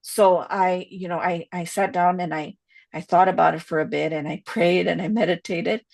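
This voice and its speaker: A woman's voice: lowish voice, fairly even intonation, moderate pace, creaky, darkish tone, no echo. A woman co-hosting a podcast, telling stories candidly and slipping in Spanish phrases. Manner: chatty, with many "you know" fillers. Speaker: podcast co-host. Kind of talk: casual podcast chat.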